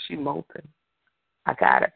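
A man voicing a devil who gloats over a sad believer, in low mocking taunts over a phone line. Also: unhurried, no echo, natural voice. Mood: gloating.

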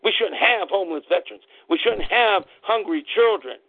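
A man's voice: sits high, lively intonation, normal speed, no room sound. A man hosting an internet radio show, delivering a fired-up, profane political rant in angry bursts. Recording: tinny phone-line audio, dry.

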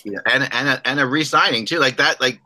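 Bright-voiced man hosting a hockey podcast. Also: medium pitch, fast, rough recording. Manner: rambling, restarts often, joking. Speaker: podcast host. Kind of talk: casual hockey podcast chat.

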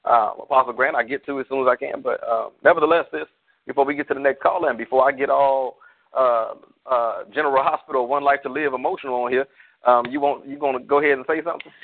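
A man's voice: mid-range voice, steady tone, fast talker. A man, a pastor, hosting a call-in show in a heartfelt, rambling way. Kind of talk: casual call-in talk. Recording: tinny phone-line sound.

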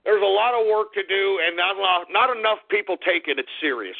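A brash male host with a high voice and a gravelly, crackling edge, reading shout-outs and ranting with profanity. His voice comes through a narrow, phone-like channel. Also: fairly quick, hardly any pauses. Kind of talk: live show shout-outs. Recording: phone-like lo-fi sound.

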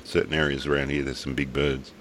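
A man's voice: a bass voice, little pitch movement, fast, fairly bright tone, a little hiss or hum. An Australian man co-hosting a podcast, telling laid-back stories in casual chat, laughing often and swearing casually. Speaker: podcast co-host.

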